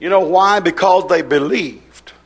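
High-voiced preacher man, emphatic. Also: measured pace, breathy edge. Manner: emphatic, repetitive preaching cadence with sudden shouts. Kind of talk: sermon.

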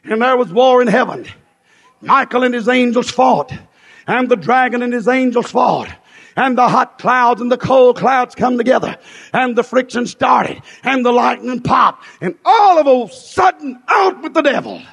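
A man preaching a fiery revival sermon, shouting in rhythmic repeated phrases that swell and drop. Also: very high voice, expressive, normal speed, vocal fry. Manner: shouting, rhythmic repetition, rising and falling in bursts. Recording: long reverberant hall.

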